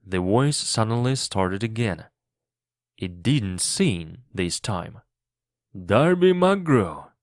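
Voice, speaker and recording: A man narrating a story in clear, deliberate English for learners. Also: low-pitched, dry recording, clean studio sound. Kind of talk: slow audiobook reading for learners.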